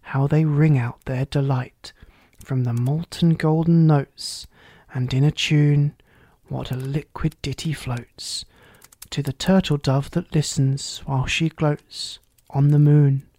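Verse reader, very slow, warm dark tone, measured recitation, breathy hushed passages. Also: medium pitch, steady tone, no room sound.

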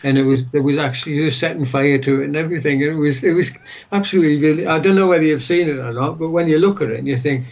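In a relaxed interview, a former footballer now getting on in years tells old tales in a rambling, start-again way, leaning on "what have you." His fairly high voice holds a steady tone and comes rapid-fire, darkish, with the highs cut off.

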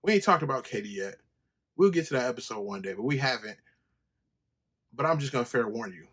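A man hosting a podcast, telling a personal story in a casual, profane monologue and acting out quoted conversations in a higher voice. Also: animated, fast, a bit bright, breathy edge. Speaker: podcast host.

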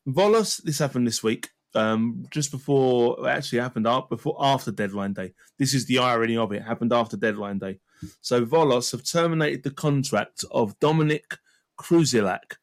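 A man's voice: mid-range voice, moderate pace. A man co-hosting a football podcast, reading out listener messages in a laid-back, amused way. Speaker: podcast co-host. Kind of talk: casual football chat.

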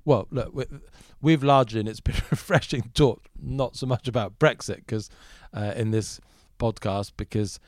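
A man in a podcast interview, answering as a political commentator in a measured, thoughtful way with frequent fillers. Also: mid-range voice, fairly even intonation, a little mellow, no echo, clean studio sound.

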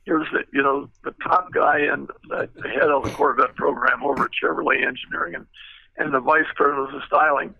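A man's voice: a little high, fairly even intonation, brisk, creaky, no echo. An older man, a retired car designer, telling stories in a rambling way with many fillers and restarts. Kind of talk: anecdotal storytelling. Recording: tinny phone-like line, dry.

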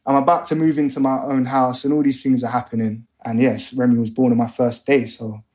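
Young man, podcast guest, animated storyteller who mimics the people he quotes. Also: mid-range voice, fairly quick. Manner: animated, acts out other voices in his stories. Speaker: guest, music A&R manager. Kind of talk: casual storytelling interview.

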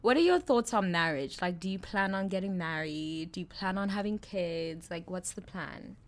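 A woman's voice: fairly low pitch, animated, normal speed. A young woman in casual conversation, thinking aloud about relationships and often saying "like". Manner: reflective, uses filler "like" often. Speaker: conversation partner. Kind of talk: casual chat.

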